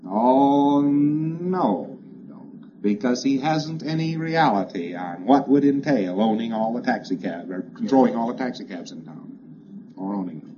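A man giving a plainspoken, emphatic lecture to a congress, repeating phrases that trail off quieter each time. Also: mid-range voice, big pitch swings, measured pace. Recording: dull, hissy old lecture recording.

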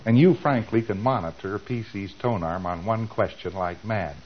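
A man's voice: fairly low pitch, normal speed, muffled recording, a little hiss or hum. A man giving an informal lecture, animatedly acting out both sides of the dialogues he describes.

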